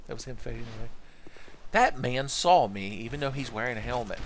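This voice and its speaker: A man giving casual commentary over his gameplay, riffing and cursing freely. His pitch swings widely as he jumps between loud outbursts and low asides. His voice sits in a middle register. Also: fairly quick, a little hiss or hum. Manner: joking, profane, excitable outbursts. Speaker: livestreamer playing a video game.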